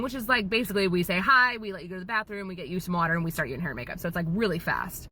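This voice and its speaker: Woman, studio owner, casual storytelling, rambling, bright sharp tone. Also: fairly low pitch, a little hiss or hum. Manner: fast, rambling, filled with "like".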